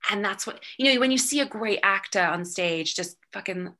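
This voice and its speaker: British woman in an interview, bright sharp voice, keeps acting out little voices as she talks. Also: mid-range voice, normal speed. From Britain. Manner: animated, acts out quoted voices, swears casually. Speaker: guest, burlesque performer and actor. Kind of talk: casual interview chat.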